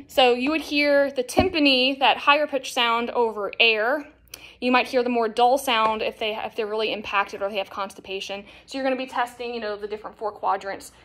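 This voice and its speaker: A young woman with a slightly high voice teaches a nursing assessment as she demonstrates on a partner. She talks in a casual, explanatory way, full of fillers and quick restarts. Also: a bit bright. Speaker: nursing instructor. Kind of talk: demonstration lesson.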